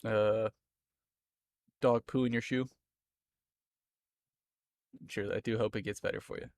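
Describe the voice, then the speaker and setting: A man's voice: on the low side, steady tone, a little slow, a little mellow, slight background noise. A young man from Florida with a Southern accent, chatting casually with viewers on a live stream, rambling and laughing often between lines.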